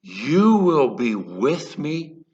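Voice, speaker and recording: A calm, merciful Jesus speaks gently from the cross, as a male preacher voices him. His words come slow and solemn in a high, lilting voice. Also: lo-fi sound, full character voice.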